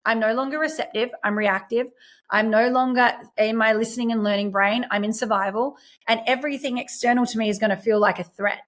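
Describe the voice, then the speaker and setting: Earnest woman coach with a high voice. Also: a little fast, a bit bright. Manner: earnest, reflective, quotes her own inner voice. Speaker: guest, self-empowerment coach. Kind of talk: podcast interview conversation.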